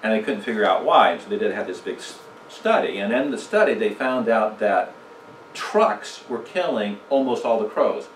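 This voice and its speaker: A man of ordinary pitch teaches a church communication seminar, chatting with the audience and throwing them questions. His voice carries through an echoey room, picked up from a distance, with a faint hiss under it. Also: lively intonation, normal speed. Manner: conversational, asks the audience questions, tells jokes. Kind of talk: casual church seminar talk.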